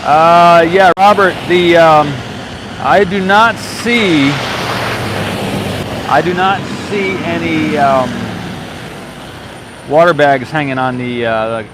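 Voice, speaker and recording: A man with a slightly high voice speaks slowly and pauses often, with background noise around him. Live streaming outdoors at a launch site gate with a handheld mic, he reads viewer comments aloud and answers them in casual live-stream chat.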